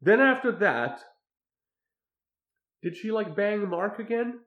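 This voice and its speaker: A man casually recapping a film's plot, animated, often acting out quoted lines. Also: sits high, slow, reverberant, lo-fi sound. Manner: animated retelling with acted quotes. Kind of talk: casual film recap chat.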